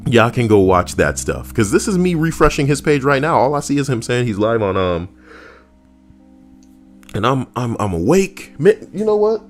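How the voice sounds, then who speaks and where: A man hosting a live reaction stream, chatting casually and wryly and talking back to his viewers. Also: mid-range voice. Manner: wry, chatty, talks back to chat.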